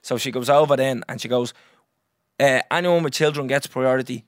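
A young Irish man hosting a podcast, telling a story in a lively, swearing, casual way and acting out what others said. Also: mid-range voice, brisk, no room sound, studio quality. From Ireland. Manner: animated, swears freely, acts out others' lines. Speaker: podcast host.

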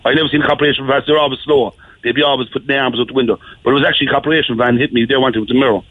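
A man's voice: mid-range voice, fairly even intonation, rapid-fire, dry recording. A man with a Cork accent, calling in to a radio show, chatting casually and rambling with lots of fillers. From Ireland. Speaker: caller. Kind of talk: casual chat. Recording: tinny phone line.

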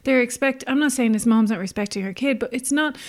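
A woman with a fairly high voice talks through parenting advice on a casual podcast. She explains patiently and earnestly, leaning on key words for emphasis. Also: fast. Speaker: childcare expert co-host.

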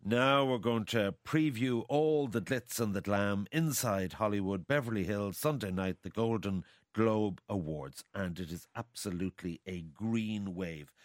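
A man hosting a radio talk show, brisk and teasing with quick interjections. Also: lowish voice, no echo, studio quality.

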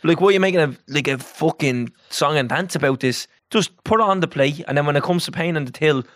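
A man co-hosting a podcast who rattles his words off at a quick clip. He swears in passing and sounds easygoing. The recording is close and dry, with no room sound. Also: fairly high pitch, a bit bright, no echo. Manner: quick, swears casually, says "bro" a lot. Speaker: podcast co-host. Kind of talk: casual chat.

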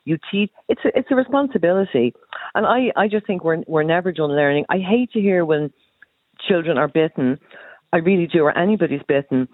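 A man's voice: fairly high pitch, lively intonation, brisk, no room sound. A man calling into a radio show, speaking earnestly and emphatically. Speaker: caller. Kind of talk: phone-in call. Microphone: telephone. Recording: tinny phone line.

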